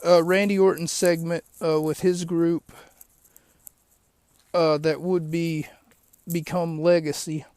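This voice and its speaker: A man's voice: fairly high pitch, level tone, slow, long pauses, a little mellow, smooth, no echo. A man hosting a podcast, recapping a show in a rambling, chatty way with lots of asides. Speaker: podcast host. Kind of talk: casual recap of a wrestling show.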